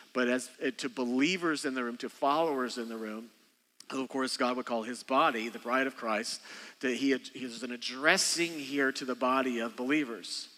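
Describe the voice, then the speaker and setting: A man's voice: mid-range voice, sharp tone. A man, a senior pastor, preaching a sermon in a loose, conversational way that often doubles back on itself. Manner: conversational, rambling preaching with frequent restarts and "okay". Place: church sanctuary. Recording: long hall reverb.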